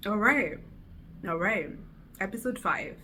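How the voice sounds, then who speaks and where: A woman chatting casually to camera in a solo vlog, giggly and animated, seated indoors at home and picked up by the camera mic. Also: medium pitch, a little hiss or hum. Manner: giggly, animated, self-teasing. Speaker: vlogger. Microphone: camera mic, no lapel.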